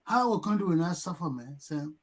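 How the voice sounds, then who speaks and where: A Liberian man with a high-pitched voice hosts a talk show and rants about the state of his country. He mocks others by echoing their repeated shouts, and his speech is loose and forceful. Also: expressive, brisk. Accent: Liberian English. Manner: mocks people by mimicking their repeated yelling. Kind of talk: heated talk show commentary.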